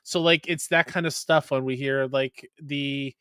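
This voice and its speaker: A man's voice: medium pitch, fairly even intonation, unhurried, a bit bright, clear, resonant tone, no echo, studio quality. A man hosting a casual gaming podcast, talking emphatically and sounding exasperated. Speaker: podcast host.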